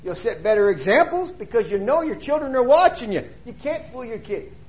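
A middle-aged male preacher with a strikingly high voice delivers a sermon. His pitch rises and falls in lively swings as he fires off rhetorical questions, alternating between loud emphasis and quiet asides. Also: brisk.

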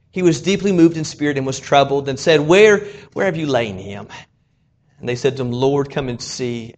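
A man preaching a sermon, earnest, rising to loud emphatic passages and sinking to hushed ones. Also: medium pitch. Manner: earnest, swells louder then drops to a hush.

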